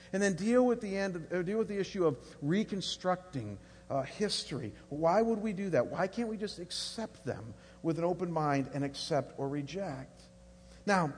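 A man preaching a sermon to his congregation, rising into loud, high, repeated declarations as he builds his point. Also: a little hiss or hum. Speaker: pastor. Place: large church hall. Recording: long hall reverb.

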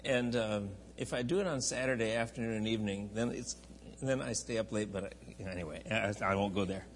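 A man's voice: lowish voice, fairly quick, slight background noise. A man teaching a Bible class from an outline in a chatty, digressive way, often restarting his sentences and adding asides. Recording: echoey hall, long reverb.

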